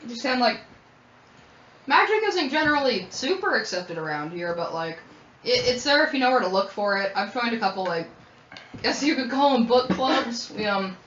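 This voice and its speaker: A woman's voice: on the high side, expressive, normal speed, fairly bright tone, a little hiss or hum. A woman voicing a chatty young townswoman who dabbles in magic, rambling on with plenty of fillers. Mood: gossipy. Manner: rambling, gossipy, lots of fillers. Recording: dull, roomy home recording.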